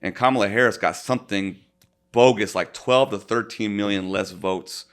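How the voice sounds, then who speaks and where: A man's voice: fairly low pitch, moderate pace, a bit bright, smooth. A man co-hosting a casual podcast, talking things through thoughtfully with many restarts and repeated words. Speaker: co-host, college professor.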